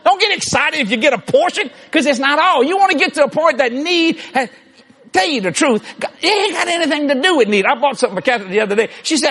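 Male preacher: very high, husky voice, lively delivery, sermon. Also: fast. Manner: animated, shouting asides, laughing.

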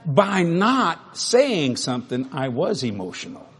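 A man with a slightly high, husky voice and a somewhat slow delivery preaches a humorous sermon to thousands in a large auditorium. Animated and folksy, he tells a homespun story and often laughs mid-sentence.

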